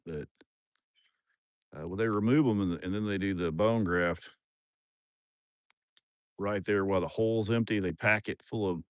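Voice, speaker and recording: A man, rambling casually on a livestream from a farm, with bursts of loud excitement. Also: on the low side, no echo, clean studio sound. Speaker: livestream host.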